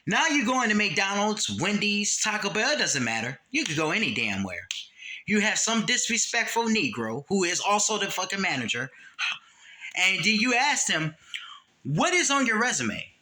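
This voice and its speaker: Man, very bright voice, blunt profane sermonizing monologue, swings loud to low. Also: big pitch swings, normal speed. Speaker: religious commentator. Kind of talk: preachy monologue.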